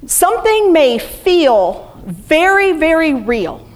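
Middle-aged woman preaching in church, high voice, chatty and joking at herself. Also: sing-song, takes it slowly. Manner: chatty, self-deprecating storytelling with laughs. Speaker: guest speaker. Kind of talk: sermon. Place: church sanctuary.

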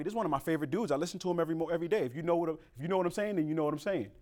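A man preaching a sermon as pastor, conversational with street slang and sudden loud emphatic rises. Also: a little high, rapid-fire, hardly any pauses.

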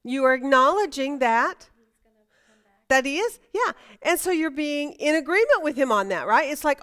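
A woman's voice: high voice, lively intonation, normal speed, fairly bright tone. A middle-aged woman leading a Bible study lesson, talking conversationally, asking the class questions and often restarting her sentences.

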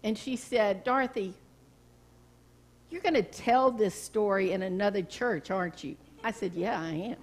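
A woman's voice: medium pitch, normal speed. A woman pastor preaching a sermon, telling stories in a folksy way and asking the congregation questions. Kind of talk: sermon with storytelling. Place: church sanctuary.

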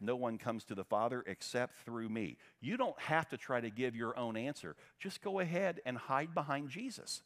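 A man preaching from the pulpit in a mid-pitched voice. His delivery is animated, with the pitch climbing high on questions and sinking low to drive a point home. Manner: animated preaching, pitch rising and dropping sharply for emphasis. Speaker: pastor. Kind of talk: sermon.

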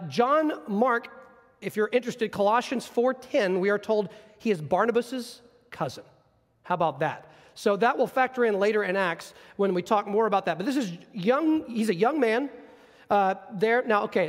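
A man preaching a sermon, teaching from scripture in an animated storytelling manner. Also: high-pitched, big-room sound. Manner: animated, storytelling, acts out scenes.

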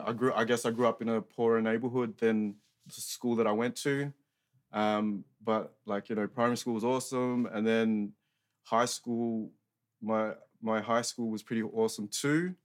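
Young Australian man, lowish voice, casual and profane, meandering delivery. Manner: rambling, profane, heavy use of filler words. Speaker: guest sharing life story. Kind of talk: casual chat.

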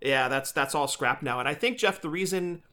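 An enthusiastic man co-hosting a casual podcast, tossing in "dude" as he talks. His voice is bright and forceful. It sits somewhat high for a man. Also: moderate pace. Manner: enthusiastic, says "dude" a lot. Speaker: podcast co-host.

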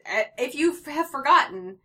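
A woman co-hosting a casual chat, talking in an animated way, swearing freely and laughing often. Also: high voice, normal speed.

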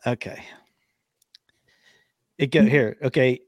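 A man's voice: mid-range voice, takes it slowly, a little mellow. A man co-hosting a podcast, chatting casually and joking with a folksy manner, laughing often. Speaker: podcast co-host. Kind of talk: casual chat with ad read. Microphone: studio microphone.

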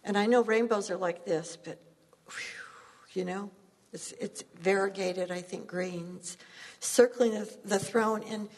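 A woman's voice: mid-range voice, steady tone, takes it slowly, darkish tone, in a large hall. A woman preaching a sermon, telling stories earnestly and laughing at herself now and then.

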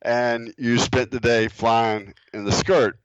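A man's voice: mid-range voice, fairly even intonation, clear, resonant tone. Laid-back guy spinning stories, kinda muffled lo-fi sound, no room echo. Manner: laid-back, halting restarts, dry humor. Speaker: podcast guest, dropzone owner. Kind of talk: casual storytelling chat. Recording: dull lo-fi sound.

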